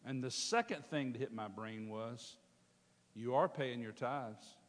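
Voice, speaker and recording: A man preaching a storytelling sermon, animated and calling out to his congregation. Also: mid-range voice, a little slow. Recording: long hall reverb.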